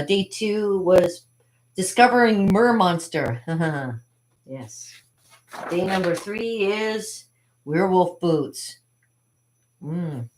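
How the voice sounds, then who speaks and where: A woman's voice: low-pitched, poor audio. A woman hosting a cartooning channel, showing her drawings in a chatty, rambling way and laughing often. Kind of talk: casual drawing tutorial.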